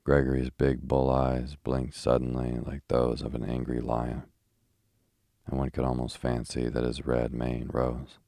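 Male sleep-story narrator, rhythmic; very deep, dry. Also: measured pace, gravelly, no echo. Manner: rhythmic, even.

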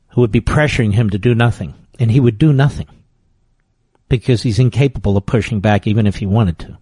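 A man's voice: medium pitch, a little mellow, husky, no echo. A man hosting political talk radio, combative and emphatic in his commentary, often scornful. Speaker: radio talk show host.

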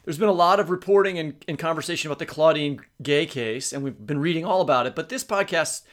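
A man's voice: a little high, fast talker, a bit bright. A man co-hosting an interview podcast, asking long questions and joking with his guests. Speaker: podcast co-host. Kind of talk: conversational interview.

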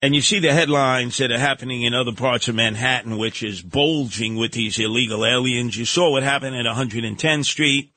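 A man hosts his radio show with a New York accent, talking in an emphatic, indignant stream. His voice is bright and tense. The studio sound is dry and close. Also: brisk, hardly any pauses, no room sound. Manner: indignant, emphatic, pitch jumps on outrage. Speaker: radio talk show host. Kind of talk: opinionated radio monologue.

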